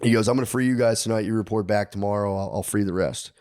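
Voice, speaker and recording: A man's voice: fairly low pitch, fairly even intonation, fast talker, a little mellow. A man on a podcast telling a history story in casual, profane slang, acting out the characters' lines.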